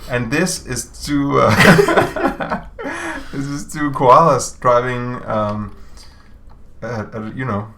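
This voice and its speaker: A man co-hosting a game developer stream, chatting casually and joking, with halting restarts. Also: mid-range voice, big pitch swings, sharp tone. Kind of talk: casual chat while playing.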